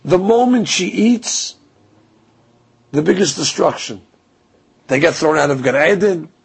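A man with a gravelly, raspy voice that sits a little high for a man delivers a Torah lecture. He tells the story with animation and slips into the voices of the people he quotes. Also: expressive, a little slow, low-quality recording. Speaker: Torah teacher. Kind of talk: religious lecture.

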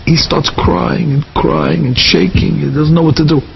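A man's voice: on the high side, fairly even intonation, moderate pace, creaky, highs cut off. A man preaching a religious story in a vivid, dramatic manner, repeating short phrases for effect.

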